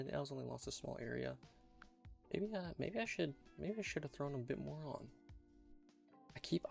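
Gravelly young man narrating gameplay. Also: mid-range voice. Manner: rambling and chatty, repeats and restarts phrases. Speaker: game commentator. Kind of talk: casual let's-play commentary.

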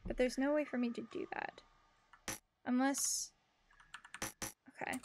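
Streaming a game, this young woman talks to her chat in a bubbly, chatty way while playing. Her high voice is steady and darkish, her pace measured. There's a little hiss or hum, plus faint game music in the background.

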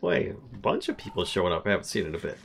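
A man's voice: sits low, very animated, very fast, vocal fry. A man streaming a game live, chatting casually and thinking aloud as he plays, laughing often. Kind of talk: casual live-stream chat while playing.

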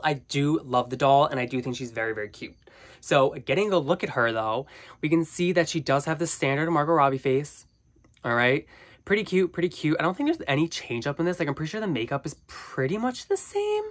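A man in his twenties with a stuffy, nasal voice, chatting excitedly through a casual doll review vlog with lots of filler words. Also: a little high, brisk. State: stuffy nose, congested.

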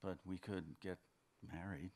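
A man's voice: sits low, steady tone, unhurried, darkish tone. A man reading fiction aloud, voicing an anxious, apologetic married man who keeps pleading with the woman he loves.

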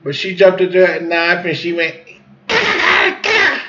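This southern Missouri storyteller, a man in his 40s, speaks a little fast in a slightly high voice with a flat delivery. He meanders through a folksy tall tale, laughing at his own tangents, and the recording is dull and lo-fi.

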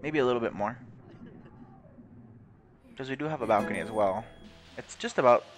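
A man's voice: mid-range voice, normal speed. A young man chatting casually and bluntly while he plays a life-sim game, with frequent swearing. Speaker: gaming channel host. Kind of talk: casual gameplay commentary.

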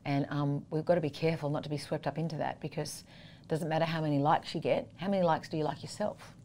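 A husky-voiced woman talks with a singer's earnest conviction. Her voice sits a little low, and she makes her points in short, emphatic phrases. She sounds slightly worn from singing a lot and sleeping little. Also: steady tone, quick pace, warm tone, slight background noise. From Australia. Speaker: guest singer and vocal teacher. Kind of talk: conversational interview.

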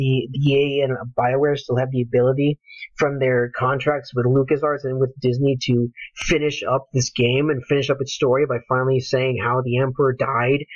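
A man's voice: medium pitch, no room sound. A man ranting angrily about a game, with passionate, profane talk. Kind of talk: heated solo rant. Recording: dull lo-fi home recording.

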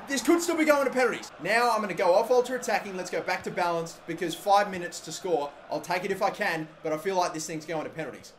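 A young man giving live, excitable commentary on a football video game, swearing often and swinging between muttering and shouting. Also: fairly high pitch, quick pace, hardly any pauses, slight background noise. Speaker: gaming video host.

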